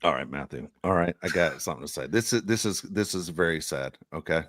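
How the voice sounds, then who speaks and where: A man co-hosting a casual sports podcast, telling rambling, animated stories. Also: deep voice, fairly quick, dry recording, clean studio sound. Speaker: podcast co-host; youth baseball coach.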